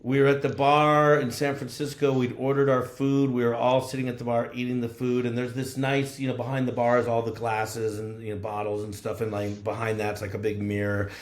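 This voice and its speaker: A man's voice: medium pitch, level tone, a little fast, few pauses. A man from Los Angeles, a guest musician, telling rambling road stories casually and swearing freely. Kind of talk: casual storytelling. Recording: roomy echo.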